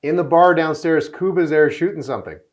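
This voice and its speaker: A middle-aged man hosting an interview show, telling anecdotes in a rambling, excited way. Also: on the high side, a little fast, lo-fi sound. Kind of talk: casual interview chat.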